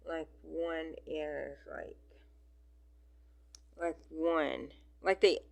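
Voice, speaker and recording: A woman chatting casually on her vlog, rambling with many fillers and dropping into soft whispers at times. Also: low voice, fairly even intonation, drawn-out words, gravelly. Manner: rambling, filler-heavy, affectionate talk. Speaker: vlogger. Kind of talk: casual chat.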